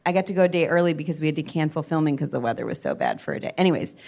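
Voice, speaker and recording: A woman's voice: low-pitched, huge pitch swings, rapid-fire, gravelly, darkish tone. A woman chatting as a podcast guest, telling funny self-deprecating stories in front of a live audience. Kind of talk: casual podcast chat.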